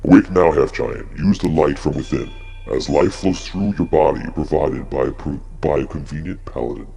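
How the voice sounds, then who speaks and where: A man putting on a solemn ancient oracle, intoning a rhymed prophecy at a slow, measured pace. The voice sits extremely low, gravelly and dark, with a husky edge. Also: faint music behind, heavily acted. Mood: commanding. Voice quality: deep gravelly. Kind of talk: tabletop game narration.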